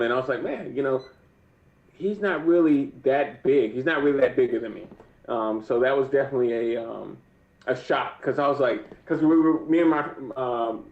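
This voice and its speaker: Rambling young fighter on echoey line. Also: male voice, medium pitch. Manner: rambling, many fillers and "you know what I mean". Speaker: guest, pro fighter. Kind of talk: casual interview. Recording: muffled echoey remote audio.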